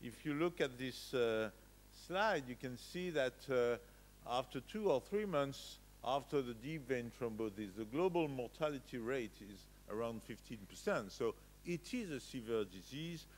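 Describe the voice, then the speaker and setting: Man, native French speaker with a French accent, hesitant medical conference lecturer, mid pitch, faint background hum. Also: animated, unhurried, rough recording. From France. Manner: hesitant, frequent filler sounds and restarts. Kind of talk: conference presentation. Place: conference hall.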